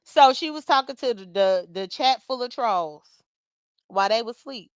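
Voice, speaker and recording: A woman with a high, smooth voice talks with her viewers in a small room at home, and the sound is dry and close. She chats loosely, laughs a lot, and calls out commenters by name. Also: expressive, normal speed, dry recording. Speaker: vlogger recapping livestream drama. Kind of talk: casual chat to viewers while getting ready.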